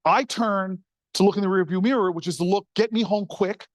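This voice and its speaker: A middle-aged man, a senator, telling an animated, folksy story straight to the crowd in a speech. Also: sits high, fairly quick, no room sound.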